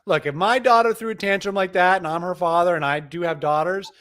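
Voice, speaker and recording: A middle-aged man with a somewhat high voice talks as an interview guest. He tells stories with animation and often restarts his sentences. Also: brisk. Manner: animated storyteller, frequent restarts. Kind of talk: conversational explaining.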